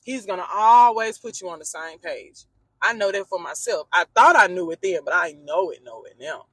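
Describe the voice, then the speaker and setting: Husky-voiced woman podcast host. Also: medium pitch, moderate pace, a bit bright, no room sound. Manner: emphatic, preachy, chatty, addresses listeners as friend and y'all. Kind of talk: casual faith-based podcast monologue.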